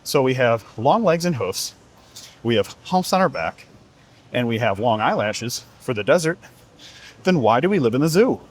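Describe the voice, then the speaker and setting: A man's voice: medium pitch, sing-song, normal speed. A man voicing a curious young male baby camel, asking wide-eyed questions in a storytelling bit.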